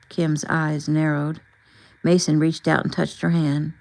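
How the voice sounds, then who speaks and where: A woman narrating an audiobook in an even, plain reading style. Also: low-pitched, measured pace, gravelly, rough recording.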